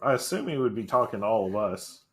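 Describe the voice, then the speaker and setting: A man co-hosting a podcast, talking in a relaxed, thoughtful way about a comic. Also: on the low side, fast talker, breathy edge. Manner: relaxed, thoughtful, laughs easily. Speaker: podcast co-host. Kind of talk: casual chat about a comic.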